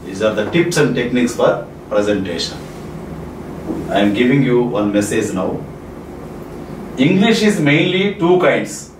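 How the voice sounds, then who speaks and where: A man from India teaching soft skills, giving numbered presentation tips and repeating his key points for emphasis. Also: medium pitch. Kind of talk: spoken lecture with numbered tips. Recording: echoey room, distant mic, faint noise.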